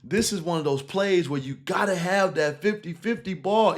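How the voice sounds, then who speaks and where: Guy coach breaking down hoops clips, kinda high voice, animated, laughs a lot, says right? constantly. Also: normal speed. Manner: animated, keeps checking in with 'right?' and 'again'; laughs easily while explaining. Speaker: basketball coach breaking down game film. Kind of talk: casual film breakdown.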